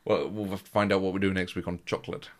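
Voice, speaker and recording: This man speaks fast in a low voice with fairly even intonation. He's co-hosting a podcast, recapping a baking show in a loose, rambling chat full of restarts.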